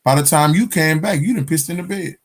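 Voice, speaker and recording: A man's voice: on the high side, a little fast. A man voicing a sweet-talking, motherly female river spirit who coaxes and calls him boy. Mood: coaxing.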